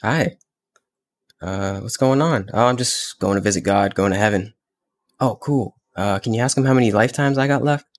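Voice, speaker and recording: A man's voice: fairly low pitch, normal speed, close to an everyday voice. A man voicing a proud meditating monk in a spoken parable, indignant and exasperated. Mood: polite.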